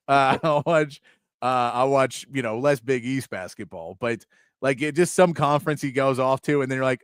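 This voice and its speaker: A man's voice: mid-range voice, moderate pace, dry recording, studio quality. A man hosting a sports talk show, chatting casually with many asides and frequent laughs.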